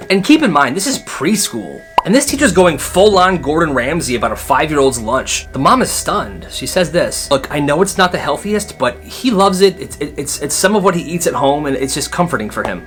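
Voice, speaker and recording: A man's voice: a little high, fairly quick, few pauses, faint music behind. A man narrating comedic storytime skits with sarcastic asides and voices for the people in them. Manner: animated, sarcastic commentary.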